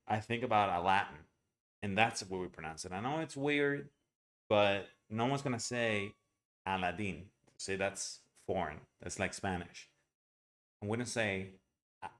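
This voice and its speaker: A man's voice: lowish voice, fairly bright tone. Chatty, blunt male English teacher. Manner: chatty, with frequent "right?" and "okay?"; blunt, opinionated asides. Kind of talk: online lesson, explaining a reading text.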